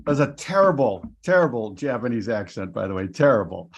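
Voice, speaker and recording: A man's voice: mid-range voice, sing-song, brisk, muffled recording. Rambling male markets-show host. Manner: loose and rambling, many fillers and restarts, laughs easily. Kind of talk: casual chat.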